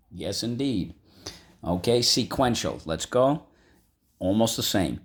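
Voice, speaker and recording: A man teaching a vocabulary lesson from home, repeating words slowly for students to echo. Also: on the low side, animated. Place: home room.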